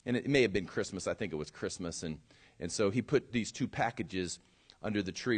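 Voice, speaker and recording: A man preaching a sermon as pastor and telling a story, swinging from loud emphasis to quiet asides. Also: low-pitched, normal speed.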